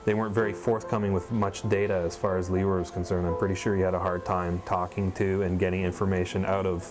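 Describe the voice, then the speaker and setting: A man interviewed for a documentary, chatting casually and telling his story with lively, animated delivery. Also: deep voice, fast talker, over music, poor audio. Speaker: former coworker interviewee.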